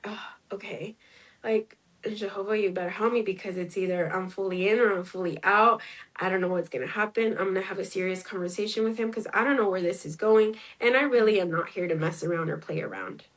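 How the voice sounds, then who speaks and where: A chatty young woman in her twenties, appearing as an interview guest, briskly tells a personal story in a medium-pitched voice. She acts out quoted dialogue and uses many "like" fillers. It's a rough recording.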